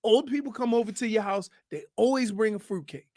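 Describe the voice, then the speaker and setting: A man's voice: sits high, fairly quick, dry recording. A man co-hosting a sports radio show, telling stories and arguing in casual studio banter. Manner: animated storyteller, interrupts often.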